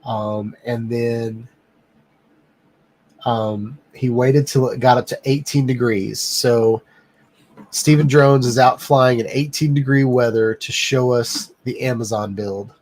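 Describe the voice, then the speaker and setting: A man chatting on a live stream in an easygoing, rambling way. His pitch sits in an ordinary middle range, and he leans on frequent "um" fillers between thoughts. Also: fairly even intonation, slow pace, a little mellow. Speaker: livestream host. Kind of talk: casual live-stream chat.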